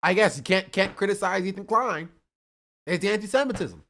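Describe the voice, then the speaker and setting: A man's voice: sits high, lively intonation, a little slow, gravelly, long pauses, fairly bright tone. A man streaming, reacting in disbelief and repeating the same phrases over and over. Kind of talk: livestream reaction commentary.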